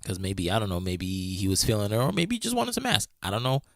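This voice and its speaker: A man's voice: fairly low pitch, wildly swooping pitch, fast, creaky, a bit bright, no echo, studio quality. A man co-hosting a podcast, retelling a friend's story in a rambling casual way, full of fillers and restarts. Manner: rambling retelling, many fillers and restarts, acts out quoted lines. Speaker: podcast co-host.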